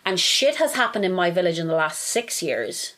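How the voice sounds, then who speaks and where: A woman's voice: on the low side, very animated, normal speed, fairly bright tone. Heated Irish woman. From Ireland. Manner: heated, swearing, acts out quotes. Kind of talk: casual chat.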